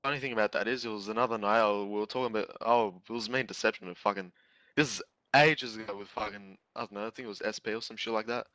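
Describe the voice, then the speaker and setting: A man's voice: lowish voice, steady tone, fast, fairly bright tone, dry recording, rough recording. A laid-back young man chatting casually with friends and swearing often. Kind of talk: casual chat.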